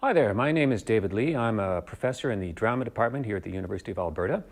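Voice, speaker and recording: A man with a Canadian accent, a drama professor giving a clear, measured video lesson that explains and demonstrates speech sounds. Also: on the low side, expressive. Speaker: drama professor teaching voice and dialects.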